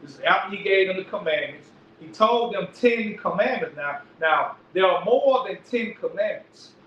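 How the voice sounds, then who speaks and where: Preaching emphatically on the street, this man teaches the Bible, says lines over again and keeps checking in with "right?" He speaks high-pitched at an ordinary pace, his intonation lively. The sound is lo-fi, dull, distant and echoey, with a faint layer of noise.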